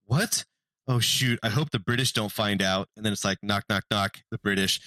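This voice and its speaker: A man's voice: lowish voice, moderate pace, dry recording. A man co-hosting a podcast, telling a history story in casual chat and acting out the people in it. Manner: animated, acts out characters in his story, laughs often.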